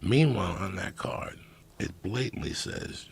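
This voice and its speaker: A middle-aged man telling profane comic stories in a loud, animated way. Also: low-pitched, unhurried, vocal fry, slight background noise. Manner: loud animated storytelling with heavy swearing. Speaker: podcast guest storyteller. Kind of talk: profane comedic storytelling.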